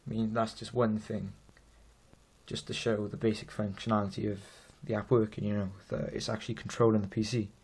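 Speaking fairly fast in a flat, fairly low voice with a darkish, slightly rough tone, this late-teens Welsh developer walks through the app he built at home. The demo is casual, meandering and self-deprecating.

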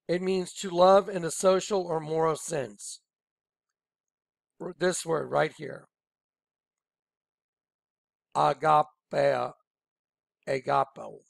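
A man leading an informal screen-share Bible study, excited and rambling, often telling listeners to watch. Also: a little high, slow, vocal fry, long pauses, dry recording, studio quality. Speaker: Bible teacher.

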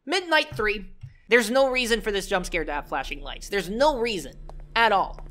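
Joking young man, lively commentary. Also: high voice, normal speed. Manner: joking, loud reactions, shouts at scares. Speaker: gaming commentator. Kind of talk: horror game commentary.

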